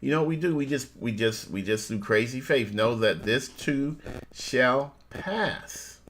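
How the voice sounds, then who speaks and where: A middle-aged man co-hosting a casual live-stream chat, folksy and quick to laugh, often addressing his listeners as family. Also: mid-range voice, expressive, fairly bright tone, slight background noise. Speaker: co-host.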